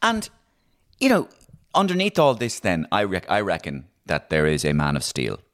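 Deep-voiced, animated Irish man. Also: normal speed. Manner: animated, storytelling, many restarts. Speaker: comedian and impressionist, guest. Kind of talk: casual interview chat.

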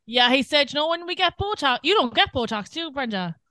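A woman's voice: high-pitched, animated, a little fast, pushed and bright, dry recording. An Irish woman co-hosting a podcast in casual chat, frank and loose, swearing now and then. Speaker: podcast co-host.

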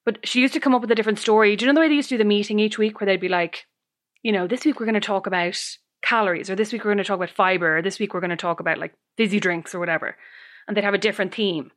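A woman co-hosting a podcast, telling animated anecdotes and laughing often in casual chat. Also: medium pitch, racing. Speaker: podcast co-host.

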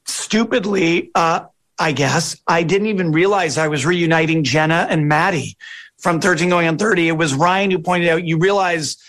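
A middle-aged man, a film director, answering interview questions in a relaxed, chatty, self-deprecating way. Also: a little high, normal speed.

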